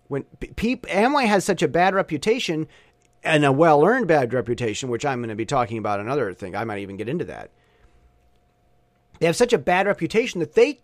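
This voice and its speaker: A man talking in a casual vlog monologue, opinionated and animated, with stop-and-start rambling. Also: on the high side, no room sound. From Southern Taiwan. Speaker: vlogger.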